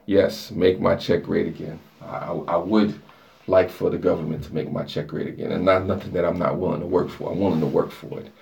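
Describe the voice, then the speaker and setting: A man's voice: sits low, little pitch movement, a little fast, gravelly, a little mellow. A man live streaming from his bathroom, chatting loosely with viewers, joking and rambling as he reads their comments aloud. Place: dark bathroom lit by a flashlight.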